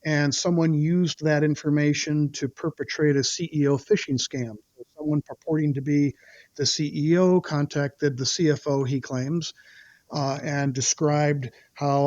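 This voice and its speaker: A man being interviewed as a guest lawyer, recounting events with indignation, often pausing on "uh" fillers. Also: a little high, steady tone, darkish tone, lo-fi sound. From Wisconsin. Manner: indignant, retelling events with acted quotes and frequent "uh" fillers.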